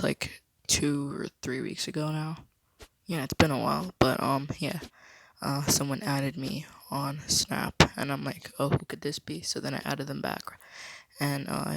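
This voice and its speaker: Flat gravelly man telling a story. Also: no echo, rough recording. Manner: low-key, rambling storytelling. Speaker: vlogger. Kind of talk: casual story time.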